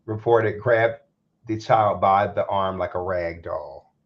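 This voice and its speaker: A man's voice: deep voice, fairly even intonation, takes it slowly. A man co-hosting a casual news chat, laughing often and repeating words as he talks. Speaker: co-host. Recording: dull lo-fi sound.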